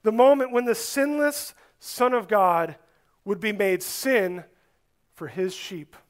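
A man preaching a sermon, earnest and deliberate, rising to stress some words and dropping low on others. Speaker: pastor.

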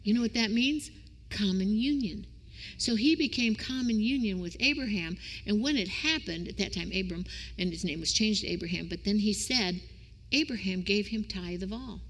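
A woman preaching a sermon with emphatic rhetorical questions that climb into high, excited exclamations. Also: moderate pace. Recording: reverberant hall.

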